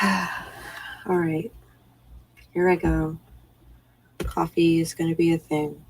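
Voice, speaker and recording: A woman's voice: sits low, flat delivery, slow pace, poor audio. A woman hosting a casual morning chat stream from home, chatting and answering viewers' messages. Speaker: livestream host.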